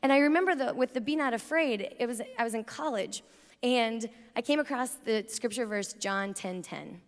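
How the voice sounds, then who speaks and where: A woman's voice: fairly high pitch, normal speed. A young woman speaking at a youth conference, telling stories in a chatty way with lots of "like" and "you know". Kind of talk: energetic faith talk to a youth crowd. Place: large conference arena. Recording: long hall reverb from a large arena.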